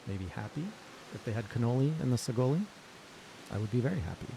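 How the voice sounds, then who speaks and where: A man's voice: mid-range voice, lively intonation, fast, creaky, noisy background. A man streaming a game playthrough, rambling playfully and joking between lines of dialogue. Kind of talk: casual game playthrough commentary.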